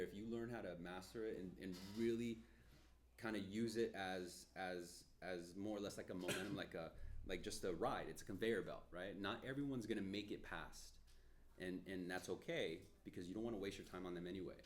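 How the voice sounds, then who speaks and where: A man with a fairly low voice coaches a sales team in loose, energetic talk. He is blunt and swears freely as he explains his methods. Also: a little hiss or hum. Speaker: sales trainer.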